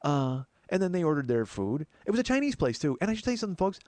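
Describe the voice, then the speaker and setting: A man's voice: fairly high pitch, sing-song, quick pace, darkish tone, dry recording. A man hosting a podcast, delivering a comedic monologue in a profane, ranting, self-mocking way and calling his listeners folks.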